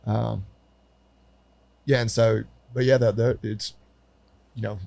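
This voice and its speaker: A man's voice: fairly low pitch, level tone, takes it slowly, gravelly, darkish tone, no room sound. A man in casual podcast chat, laid-back and joking at his own expense.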